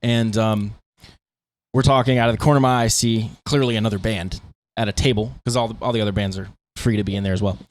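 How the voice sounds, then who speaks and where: A man's voice: on the low side, steady tone, no room sound. A man co-hosting a podcast, telling stories in casual, rambling chat with lots of fillers. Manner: fast, rambling storytelling with fillers. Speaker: podcast co-host, band guitarist.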